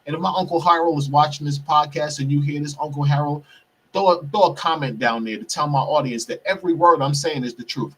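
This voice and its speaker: Husky-voiced man telling a heated story. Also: a little high, fairly bright tone. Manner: profane, keeps addressing listeners as "people". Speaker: podcast host. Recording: distant mic, husky sound.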